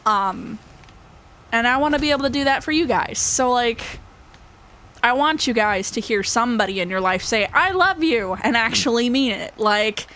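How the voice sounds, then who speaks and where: A woman's voice: fairly high pitch, a bit bright, a little hiss or hum. A young woman gaming YouTuber chatting to her viewers, emotional and rambling, laughing often and filling with "like". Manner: rambling with many fillers. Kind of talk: casual chat to viewers.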